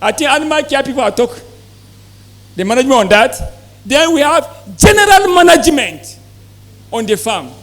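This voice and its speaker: High-voiced man presenting to farmers. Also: sing-song, moderate pace, pauses often, a bit bright. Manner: asks the audience questions, repeats key points. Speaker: poultry health presenter. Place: exhibition hall presentation.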